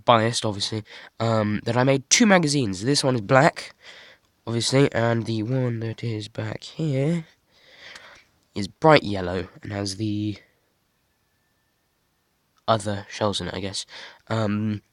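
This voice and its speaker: A man's voice: on the low side, slow, long pauses, dry recording, clean studio sound. Stuffy-nosed guy with a cold. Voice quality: husky. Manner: rambling, many ums, self-deprecating asides. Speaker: hobby builder showing his model. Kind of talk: casual show-and-tell.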